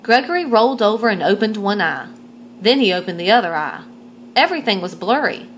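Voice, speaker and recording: A woman's voice: medium pitch, lively intonation, a little fast, a little hiss or hum, low-quality recording. Woman reading a bedtime picture book. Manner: gentle asides to young listeners. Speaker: storytime reader.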